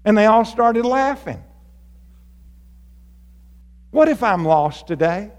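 A male pastor delivers an animated sermon from the pulpit, his voice pitched high. He swings from quiet asides to fired-up shouting. The sound carries a long reverb from the church hall. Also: slow pace, highs cut off. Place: church sanctuary.

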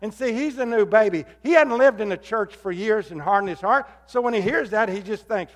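A man preaching a sermon as pastor, swinging between loud emphatic calls and low hushed appeals. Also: lively intonation, brisk, few pauses. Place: church sanctuary. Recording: long hall reverb.

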